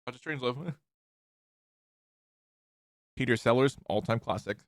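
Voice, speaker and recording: A man's voice: mid-range voice, a little slow, no echo, studio quality. A man streaming a game who reads the story text aloud and chats in a rambling way, laughing easily. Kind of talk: casual play-along narration of a visual novel.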